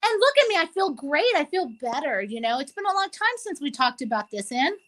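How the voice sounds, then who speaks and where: A woman's voice: high-pitched, sing-song, a little fast, fairly bright tone, rough recording. A woman co-hosting a casual talk show, speaking earnestly and tearfully with many restarts. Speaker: co-host. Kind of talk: emotional casual chat.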